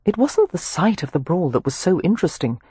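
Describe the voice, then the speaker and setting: An audiobook narrator reading a historical romance with expressive, animated storytelling. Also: mid-range voice, brisk, husky, no echo.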